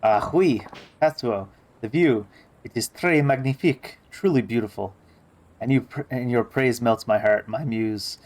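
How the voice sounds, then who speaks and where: A man voicing an eccentric, pompous woman singer in a video game, speaking in inverted word order and dropping in stray French words. He reads her lines slowly and a little lower than his own voice. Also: a little mellow, lightly acted. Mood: grandiose.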